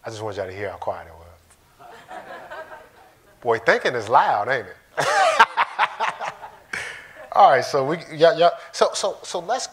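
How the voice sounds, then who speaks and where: Joking and talking straight to the people in the pews, a pastor gives an easygoing sermon in a church sanctuary. His voice is mid-range with a fairly bright tone.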